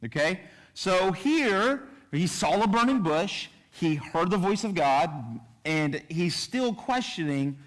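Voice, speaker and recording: A man's voice: high voice, lively intonation, a little slow. A man teaching a Bible study in a conversational manner, often repeating himself and checking in with "right?" and "okay?". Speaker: pastor. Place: church.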